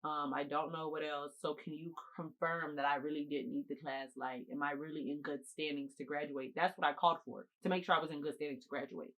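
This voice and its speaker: A young woman tells a casual storytime to her viewers while eating, addressing them directly and repeating phrases for emphasis. Her low voice is steady and fairly bright, moving a little fast with few pauses. The audio is poor.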